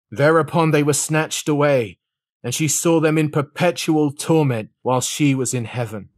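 A man's voice: on the high side, normal speed, no room sound, studio quality. A man reading an old sermon aloud in a solemn, dramatic preaching manner. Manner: solemn, dramatic, shifting pace. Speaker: sermon reader.

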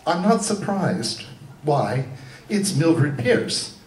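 A haughty, cleanliness-obsessed old-time film starlet, as a man puts her on in a live comic a cappella number. Her voice rides higher than the performer's own as she delivers defensive, theatrical rhyming lines. The sound is roomy and heard from across a theater stage, with a faint hum of the hall behind it. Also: big pitch swings, extremely slow, recorded from a distance, exaggerated voice. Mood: indignant.

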